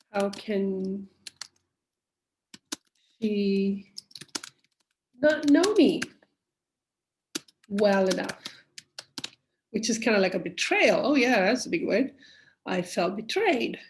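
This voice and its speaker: A middle-aged woman speaking slowly and candidly, thinking aloud with pauses as she reflects on her own feelings. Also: medium pitch, a little hiss or hum. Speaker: self-help speaker. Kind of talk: reflective personal talk.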